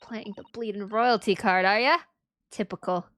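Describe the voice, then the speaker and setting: A woman's voice: mid-range voice, steady tone, normal speed, a bit bright, dry recording, close to an everyday voice. A woman voicing a brash, cheeky young girl who works as a police inspector, with a put-on Cockney accent and blunt, slangy talk. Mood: indignant.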